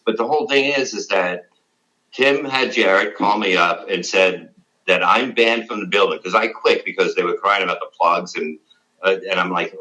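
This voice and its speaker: Middle-aged New comedian, very low and forceful voice, blunt and profane, rambling interview storyteller. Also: male voice, moderate pace, rough recording. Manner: blunt, profane, rambling with many "you know"s. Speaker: comedian guest.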